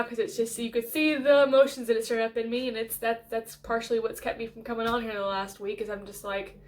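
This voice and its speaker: An American woman talks straight to camera in a casual vlog, sharing an earnest personal update. She speaks haltingly, restarting her thoughts as she works them out aloud. Her voice sits a little above the usual pitch. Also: steady tone. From United States. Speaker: vlogger.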